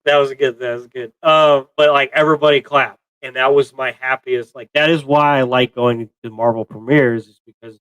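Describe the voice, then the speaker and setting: A man's voice: mid-range voice, steady tone, moderate pace, few pauses, a bit bright, clean tone, no echo, highs cut off. A man co-hosting a casual movie review chat, rambling with many fillers and restarts. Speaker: co-host of a pop culture show.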